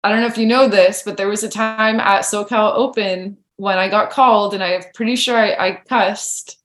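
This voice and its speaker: Animated chatty woman in an echoey room. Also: mid-range voice, moderate pace. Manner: animated, chatty, acts out quoted remarks. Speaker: podcast guest. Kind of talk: casual storytelling chat.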